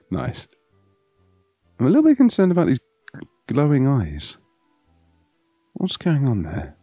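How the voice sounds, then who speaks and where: Guy chatting through a game, lowish voice, bouncy pitch, light music behind. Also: wildly swooping pitch, slow pace, long pauses, dark tone, husky, no room sound, clean studio sound. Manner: chatty and playful, thinking aloud. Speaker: let's play host. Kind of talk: casual gameplay commentary.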